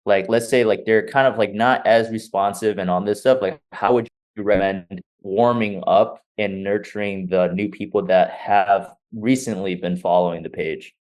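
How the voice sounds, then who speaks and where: A man's voice: on the low side, steady tone, normal speed, few pauses, darkish tone. A man asking his coach questions on a call, hesitant and full of fillers. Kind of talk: casual call.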